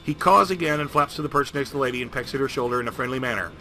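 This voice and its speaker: A man narrating a video game playthrough in a jokey, rambling, animated way. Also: mid-range voice, rapid-fire, faint music behind. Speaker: game streamer. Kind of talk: comedic let's-play narration.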